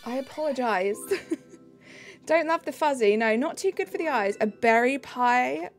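A woman's voice: high voice, expressive, unhurried, faint music behind. A young woman live streaming, answering chat messages in a bubbly, casual way.

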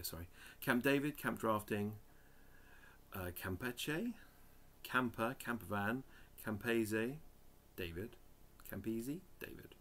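A man's voice: lowish voice, bright, forceful tone. A man reading dictionary headwords aloud one by one, adding muttered, dry asides. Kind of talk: casual reading of word lists.

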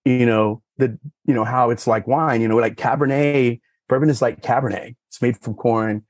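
Ospite maschile di podcast, parlantina sciolta, tono medio, registrazione asciutta; racconta aneddoti con molti intercalari. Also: male voice, steady tone, moderate pace, no echo. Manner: rambling storyteller, many fillers like "you know" and "like"; acts out quoted dialogue with raised pitch. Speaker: podcast guest, sommelier. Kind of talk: casual chat.

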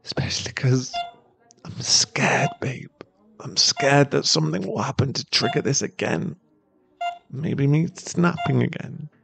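A man playing a gravelly tearful remorseful boyfriend. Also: mid-range voice. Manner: tearful, stammering, pleading. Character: remorseful young boyfriend at hospital bedside. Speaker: ASMR voice actor. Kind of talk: ASMR role-play.

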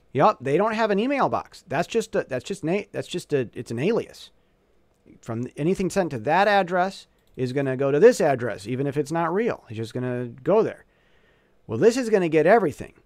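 A man talks through a software tutorial in a loose, off-the-cuff way, stumbling over words and correcting himself as he goes. His voice sits at an ordinary middle pitch. The recording is dry and close, with no room sound. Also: no room sound. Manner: rambling, self-correcting, thinking aloud. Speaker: tutorial presenter. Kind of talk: casual screen-recorded software walkthrough.

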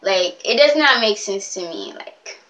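A woman's voice: medium pitch, animated, unhurried, a bit bright. A young woman chatting in a rambling, giggly way in a casual vlog. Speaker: vlogger.

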